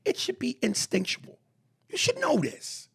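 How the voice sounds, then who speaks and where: A man with a New York accent co-hosting a comedy podcast, talking in profane, animated banter and reading listener messages aloud. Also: very high-pitched, a little slow, gravelly. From East Coast of the US. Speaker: podcast co-host.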